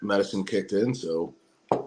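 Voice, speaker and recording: Stuffy-nosed laid-back man, low voice. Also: normal speed, darkish tone, a little hiss or hum. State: stuffy, sinusy from a cold. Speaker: guest. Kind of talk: casual live-stream chat.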